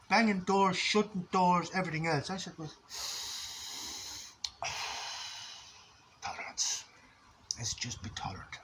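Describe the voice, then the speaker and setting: Irish man, vlogger, blunt, profane, rambling monologue, bright voice, faint background noise. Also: a little high, low-quality recording. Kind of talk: casual philosophical monologue.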